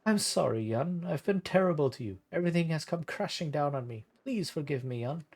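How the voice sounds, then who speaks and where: A man voicing a worried young mother in a game, speaking softly and pleadingly. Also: fairly high pitch, expressive, fairly quick, husky. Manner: pleading, soft.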